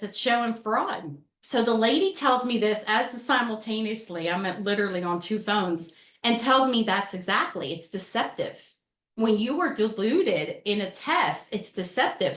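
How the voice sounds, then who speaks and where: Middle-aged woman, panel speaker, dramatic animated storytelling, roomy echo. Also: medium pitch. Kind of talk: storytelling talk.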